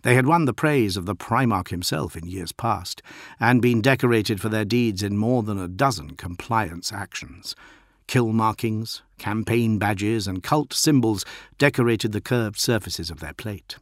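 Low-voiced male audiobook narrator. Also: a little slow, no echo, studio quality.

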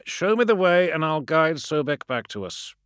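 A man's voice: fairly high pitch, very animated, normal speed, a bit bright, smooth, no room sound, clean studio sound, voice pushed up. A man doing an eager, strained shapeshifter-adept. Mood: urgent.

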